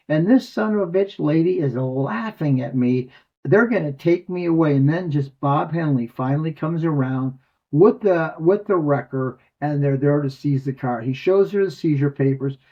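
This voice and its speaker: An older man, a former tax agent being interviewed, telling a rambling, animated story and cursing freely over a video call. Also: fairly high pitch, breathy edge. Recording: muffled lo-fi audio.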